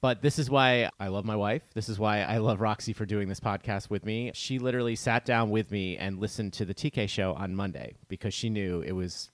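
A man's voice: on the low side, brisk, hardly any pauses, no room sound. A man co-hosting a podcast in casual, rambling chat that gets a little emotional. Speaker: podcast co-host.

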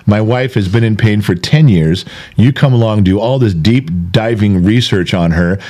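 A man's voice: lowish voice, moderate pace, a little mellow. A man hosting a candid conversational interview, talking earnestly and emphatically, often repeating himself for weight. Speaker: podcast host.

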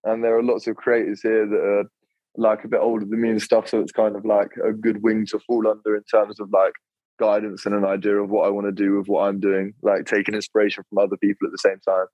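A young man talks casually in a laid-back, rambling way. His voice sits fairly low. The audio is dull and lo-fi, close and dry. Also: monotone, fast talker, darkish tone, no room sound. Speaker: podcast guest, clothing creator. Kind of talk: casual chat.

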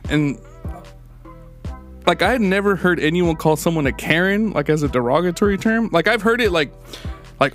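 Over soft background music, a man with a fairly high, fairly bright voice talks fairly quickly. He's co-hosting a laid-back podcast, spinning meandering, foul-mouthed stories loaded with filler words.

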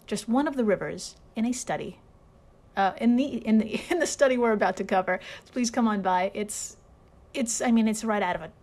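A woman with a somewhat high voice hosts a casual podcast. She talks in a chatty, irreverent way, swearing and laughing often as she tells the story. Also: darkish tone. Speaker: podcast host.

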